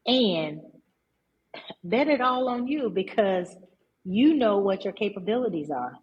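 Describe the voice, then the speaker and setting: A woman entrepreneur, a guest on an interview podcast, telling her story in a lively, emphatic way and repeating words for stress. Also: medium pitch, measured pace, dull audio.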